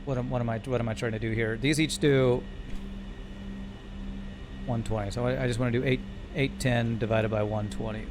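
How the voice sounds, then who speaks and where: A man's voice: mid-range voice, fairly even intonation, normal speed, long pauses, background noise. Man puzzling aloud over game math. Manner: thinking aloud through math, self-correcting. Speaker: game streamer. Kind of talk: live gameplay commentary.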